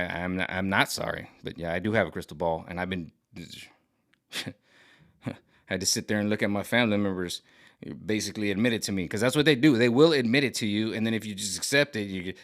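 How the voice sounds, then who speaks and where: Low-voiced man ranting in a vlog. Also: fast. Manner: rambling, repetitive and agitated, with many restarts; mimics other voices sarcastically. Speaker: vlogger. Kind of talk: rambling monologue.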